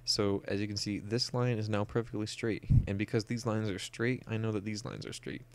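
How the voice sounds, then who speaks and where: A young man with a low, gravelly, fry-tinged voice records his screen while showing how to use photo editing software. He keeps it relaxed, going step by step in plain terms and leaning heavily on "uh" and "um."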